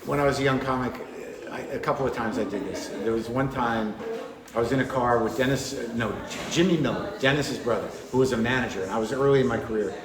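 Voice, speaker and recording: A male comedian telling rambling backstage anecdotes in casual chat, breaking into animated impressions. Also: mid-range voice, fast, roomy sound, a crowd in the background. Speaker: comedian guest. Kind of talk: storytelling chat.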